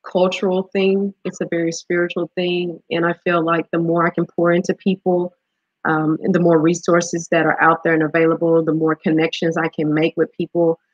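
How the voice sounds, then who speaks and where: A woman's voice: fairly low pitch, little pitch movement, normal speed, no echo, dull audio. A woman hosting an interview, asking questions and sharing her views in an encouraging, conversational way. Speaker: interview host. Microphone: video call.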